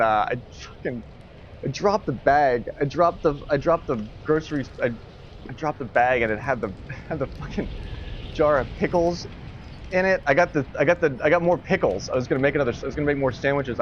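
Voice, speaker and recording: A man casually telling a story to a live stream chat at home, rambling, swearing often and laughing as he goes. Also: a little high. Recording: dull lo-fi stream audio with faint noise.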